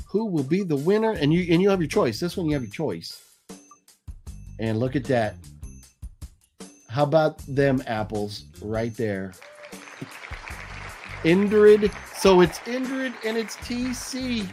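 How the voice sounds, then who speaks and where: A man with a fairly high-pitched voice hosts a live movie news stream over soft background music. He calls out giveaway names in a lively, casual way, chuckling, apologizing, and drawing the names out.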